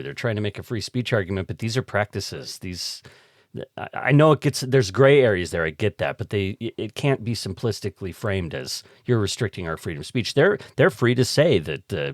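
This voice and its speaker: A man hosting a podcast, conversational and quick to laugh as he puts questions to his guest. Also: on the low side, no echo, clean studio sound. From United States. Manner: conversational, animated, laughs easily. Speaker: podcast host. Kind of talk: casual interview talk.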